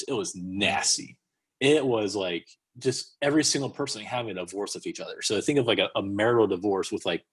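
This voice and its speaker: Man, husky voice, lively swooping pitch, casual storytelling, podcast guest. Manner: animated, acts out quotes.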